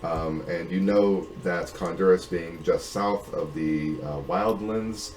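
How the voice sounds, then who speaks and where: A man narrating as game master for a tabletop game, halting and full of fillers. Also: steady tone, darkish tone, reverberant, distant mic. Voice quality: deep, hesitant with many fillers.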